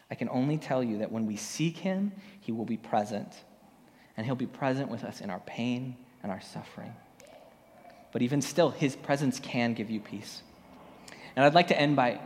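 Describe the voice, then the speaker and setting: A man preaching a sermon as pastor, talking in a loose, conversational way full of ums and personal stories. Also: mid-range voice. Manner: conversational storytelling with many fillers. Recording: long hall reverb.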